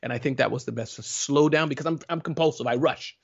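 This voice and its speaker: A man's voice: mid-range voice, fast, vocal fry, husky. A man giving a casual interview over a video call, talking playfully and with animation. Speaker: guest. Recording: dull lo-fi online call audio.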